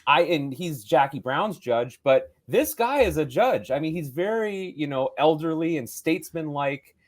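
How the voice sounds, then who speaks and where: A man's voice: a little high, lively intonation, moderate pace. A man co-hosting a movie review podcast, talking in a rambling, playful, opinionated way. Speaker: podcast co-host. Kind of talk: casual movie review chat.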